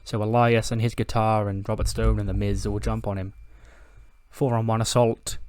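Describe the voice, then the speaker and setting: A man's voice: fairly low pitch, little pitch movement, normal speed, darkish tone, clear, resonant tone, no room sound. Brief: casual male let's-play commentator, chatty, self-amused, dry mic. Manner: chatty, laughs at himself, reads out scores. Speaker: game commentator.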